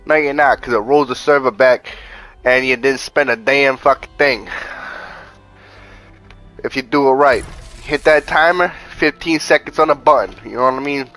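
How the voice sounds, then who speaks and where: Male gaming host, casual profane tutorial voice-over, street-slang step-by-step coaching, mid-pitched voice. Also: normal speed, sharp tone, soft background music, low-quality recording. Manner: laid-back, profane, repeats "bada bing, bada boom".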